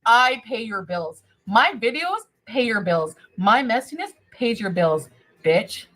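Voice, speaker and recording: A woman's voice: fairly high pitch, lively intonation, unhurried, a bit bright, low-quality recording. A drunk woman from Canada ranting and swearing on a livestream, slurring her words.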